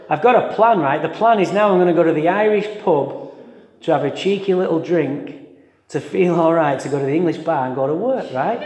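Candid man telling his story in a hall. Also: high voice. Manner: candid, animated storytelling with self-mockery and acted-out inner voices. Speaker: speaker sharing his recovery story. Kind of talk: personal story told to an audience. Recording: echoey hall.

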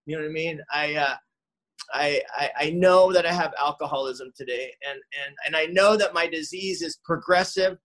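Middle-aged guy, slightly higher voice, earnest story talk from his living room, lots of um and restarts. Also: sharp tone, rough recording. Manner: halting, full of fillers and restarts; earnest and heartfelt. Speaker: speaker at a recovery meeting. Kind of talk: personal recovery story.

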